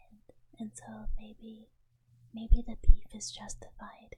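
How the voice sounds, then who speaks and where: A woman's voice: on the high side, completely flat delivery, slow, poor audio. A woman ASMR streamer whispering playfully, chatting and greeting her viewers by name into an ASMR microphone.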